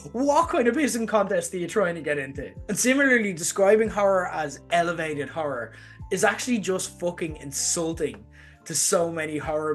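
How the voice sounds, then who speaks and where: A male host delivering an emphatic, exasperated opinion rant, swearing for emphasis. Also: high-pitched. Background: faint lo-fi background music.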